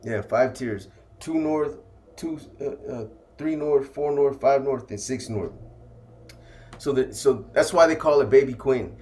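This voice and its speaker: A man recounts his past in relaxed, slangy storytelling, often tacking on "man". His voice sits at an ordinary middle pitch. A faint hiss of room noise sits behind him. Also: unhurried. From California. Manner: laid-back street slang, trailing off with "man". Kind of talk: casual first-person storytelling.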